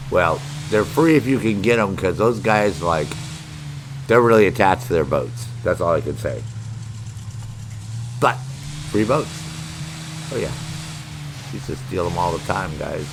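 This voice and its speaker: A man's voice: sits low, animated, unhurried, pauses often, noisy background. Brash, profane male game streamer. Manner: brash, profane, joking banter with chat. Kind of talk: live gameplay commentary.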